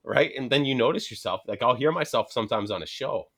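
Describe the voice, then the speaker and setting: A man's voice: medium pitch, fairly quick. Profane, laughing Canadian man. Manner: profane, laughing often, animated storytelling. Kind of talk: casual chat.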